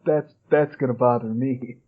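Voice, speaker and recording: A man's voice: mid-range voice, steady tone, normal speed. A man co-hosting a casual wrestling podcast, joking with his friends. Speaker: podcast co-host. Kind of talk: casual chat. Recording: dull lo-fi podcast audio.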